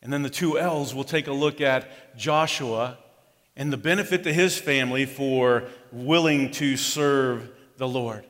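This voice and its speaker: A man's voice: medium pitch, measured pace, fairly bright tone, big-room sound. A pastor preaching a sermon in a conversational way, acting out the grumbling voices of his congregation. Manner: conversational, acts out the complaints of the crowd.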